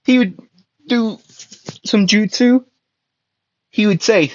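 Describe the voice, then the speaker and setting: A man's voice: sits high, takes it slowly, long pauses, muffled recording. A young man improvising an anime fan story, rambling with many fillers and restarts and laughing at his own jokes. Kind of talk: improvised fan story, voicing characters loosely.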